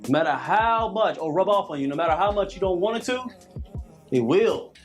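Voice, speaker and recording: A man in his late thirties coaches a live calisthenics workout as faint music plays behind him. His high-sitting voice is animated and a little fast, and he repeats motivational cues while preaching about hard work.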